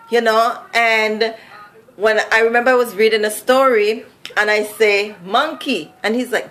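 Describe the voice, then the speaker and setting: A woman's voice: fairly high pitch, steady tone, measured pace, a bit bright. A woman from Saint Vincent with a Vincentian accent, telling a personal story in a casual, chatty way full of fillers. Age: adult. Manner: chatty, many "like" and "you know" fillers.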